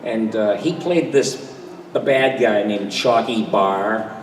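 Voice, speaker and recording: Older man, convention panel storyteller, animated, roomy hall, distant mic. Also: on the low side, slow pace, slight background noise. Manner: animated anecdotes, slips into quoted voices.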